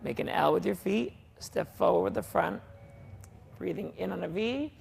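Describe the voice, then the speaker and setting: A woman's voice: on the low side, expressive, normal speed, gravelly, a little mellow, slightly rough, soft background music. A woman leading a qigong class with chatty, folksy instructions and asides, in a fitness studio. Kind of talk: guided exercise class. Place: martial arts and fitness studio.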